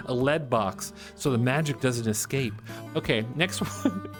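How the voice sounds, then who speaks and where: A man's voice: medium pitch, animated, slow, over music. A man chatting playfully with his live-stream chat, joking and drawing as he talks. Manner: playful and goofy, jokes with chat.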